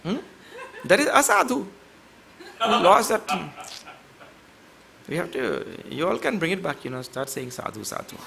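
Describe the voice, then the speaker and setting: A man's voice: high voice, sing-song, unhurried, creaky, pauses often, a crowd in the background. A man giving a devotional scripture lecture, chanting verses and explaining them with a playful, teasing manner toward his class.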